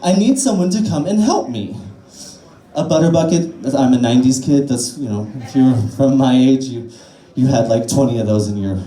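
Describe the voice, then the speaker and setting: Her voice is a mellow, rumbling low as this twentysomething trans comedian works through crude, self-deprecating material, padding it with fillers. The setting is a small cafe-bar stage with an echoey bar-room sound.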